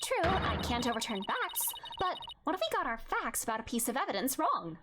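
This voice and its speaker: A woman voicing an eager, determined young woman lawyer with a bright, emphatic delivery. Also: high-pitched, big pitch swings, fairly quick, heavy background noise. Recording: game music behind the voice.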